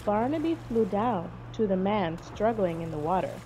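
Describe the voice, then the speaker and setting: A woman narrating a children's storybook aloud in a slow, expressive read-aloud manner. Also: medium pitch, a little hiss or hum. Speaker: audiobook narrator.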